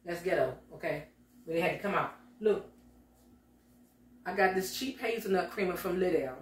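A woman's voice: fairly low pitch, moderate pace. A middle-aged woman vlogging from her home kitchen, chatting in a folksy way and talking straight to her viewers. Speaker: lifestyle vlogger. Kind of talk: casual chat to viewers. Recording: echoey room, voice from a distance.

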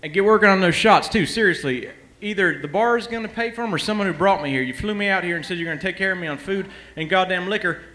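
A man's voice: high-pitched, fast talker, hardly any pauses, bright, forceful tone. A man talking on a comedy roast stage, rowdy, crude and boastful, swearing constantly into a handheld mic. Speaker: guest fighter at a comedy roast. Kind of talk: profane improvised stage banter. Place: comedy club stage with live audience.

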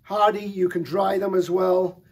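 A middle-aged man presenting flowers in an enthusiastic, relaxed showcase talk, with frequent fillers. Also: sits high, measured pace, breathy edge. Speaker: florist presenter.

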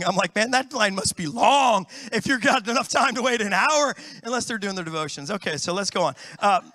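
A middle-aged man preaching a sermon as pastor, telling lively stories and calling out to his congregation. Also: sits high, no room sound. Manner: animated storytelling, calls out to the congregation. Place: church.

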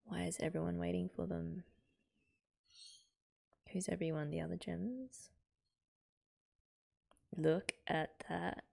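An Australian woman with a lowish, darkish voice and vocal fry hosts a manga reaction. She reads and reacts casually, thinking aloud and correcting herself as she goes.

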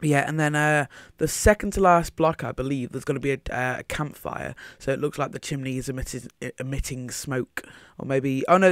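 A man's voice: mid-range voice, vocal fry, no room sound. Guy, mid voice, dry booth-like sound, chatty thinking-aloud game commentary. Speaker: Minecraft builder commentating his own footage. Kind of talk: casual gameplay commentary.

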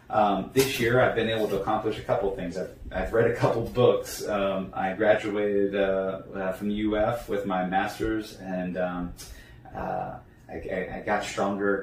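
A young man talking casually as an interview guest, rambling with many fillers and restarts. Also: on the low side. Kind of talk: casual conversation. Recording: echoey room, mic at a distance, faint background noise.

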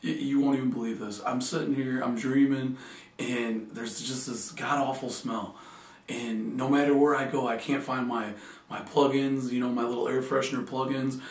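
A man's voice: mid-range voice, level tone, normal speed, echoey room, recorded from a distance, close to an everyday voice. A man voicing his wife's rambling, flustered account of a dream. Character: wife, just woken, telling a dream.

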